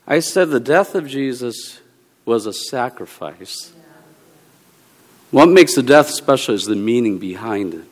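A man who is a Presbyterian minister, giving a humorous sermon talk with animated storytelling, bursts of exclamation and laughter. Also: mid-range voice, measured pace. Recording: long reverb of a large hall.

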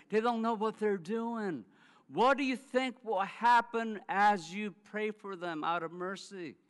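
A male pastor delivering a sermon, his voice high and bright. He tells stories with emphasis and acts out the voices of the people in them. A long hall reverb trails after each phrase. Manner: emphatic storytelling that acts out quoted speech.

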